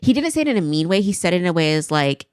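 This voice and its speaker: A woman's voice: lowish voice, big pitch swings, rapid-fire, darkish tone, smooth, no room sound, studio quality. A woman in her forties co-hosting a podcast, telling a rambling, self-deprecating story in a casual chat full of "like". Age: 40s. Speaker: podcast co-host.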